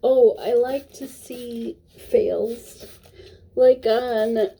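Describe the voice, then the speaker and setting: A woman's voice: on the high side, fairly even intonation, very slow, mellow, slightly rough. A young woman rambling casually to the camera while she cooks, a little out of breath. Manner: rambling, chatty, self-talking while cooking. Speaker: vlogger. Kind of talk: casual cooking vlog chat.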